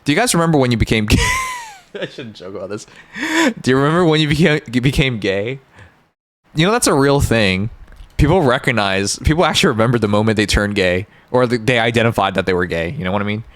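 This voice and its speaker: A man rambles and jokes with his chat during a live stream. His pitch rises and falls in an animated way. The sound is dry and close, with no room behind it. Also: fast, no room sound. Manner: rambling, joking, talks to chat.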